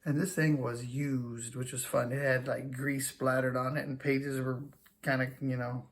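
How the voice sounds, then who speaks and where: A man's voice: medium pitch, level tone, normal speed. A man chatting casually to camera as a small-time reseller, self-mocking and full of fillers. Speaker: reseller and vlogger.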